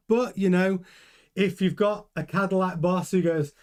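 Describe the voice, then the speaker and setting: Man, live-stream host, casual chat, fairly high voice, thinks aloud with fillers. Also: fairly even intonation, unhurried, darkish tone. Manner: chatty and thinking aloud, with frequent fillers and self-corrections.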